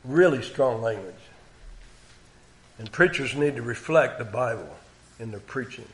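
A man giving expository Bible teaching, reading old scripture aloud with growing force and dropping to quiet comments between passages. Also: medium pitch, animated, a little slow. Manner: reads King James scripture aloud with rising force.

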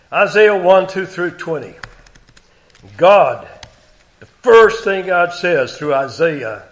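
A man giving expository Bible teaching, reading old scripture aloud with growing force and dropping to quiet comments between passages. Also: fairly high pitch, animated, normal speed. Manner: reads King James scripture aloud with rising force.

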